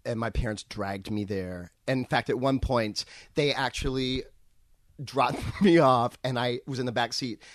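A man from Hawaii, a podcast guest and actor, telling lively anecdotes in casual chat. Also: mid-range voice, dry recording, studio quality.

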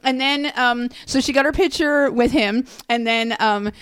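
A woman in her forties telling a story with excited, animated energy in casual chat. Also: fairly high pitch, unhurried, clean tone.

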